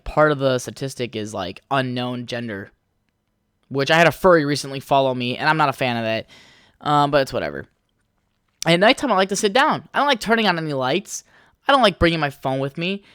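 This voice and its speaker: A man's voice: on the high side, fairly bright tone, clear, resonant tone, dry recording, clean studio sound. A young man hosting a casual solo podcast, rambling and swearing freely as he tells stories. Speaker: podcast host.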